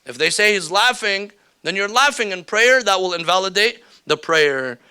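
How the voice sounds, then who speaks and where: A man's voice: sits high, expressive, normal speed, sharp tone, clear, resonant tone. A man teaching a workshop on prayer rules, explaining step by step and repeating the key rulings. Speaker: religious teacher. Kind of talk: workshop lecture. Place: indoor hall or classroom with slides.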